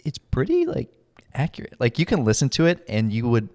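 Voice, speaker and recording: A man's voice: medium pitch, huge pitch swings, fairly quick, darkish tone, long reverb tail. A young man co-hosting a podcast in casual chat, rambling with lots of fillers and self-deprecating asides. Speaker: podcast co-host.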